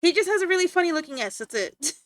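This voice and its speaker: A woman's voice: very high voice, animated, fast talker, no room sound, studio quality. A young woman streamer chatting playfully with her viewers, teasing and giggling as she talks. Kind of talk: casual chat with stream viewers.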